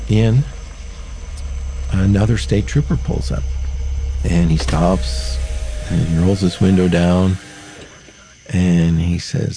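A man slowly recounting a personal story in an unhurried storytelling manner, with pauses. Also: sits low, fairly even intonation, dark tone, breathy edge, no echo. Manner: slow, unhurried retelling with pauses.

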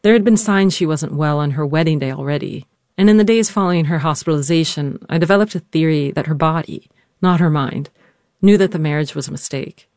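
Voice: mid-range voice, brisk, a little mellow, dry recording. Earnest reflective narrator, dry close sound. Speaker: narrator and interviewer. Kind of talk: personal documentary narration and interview.

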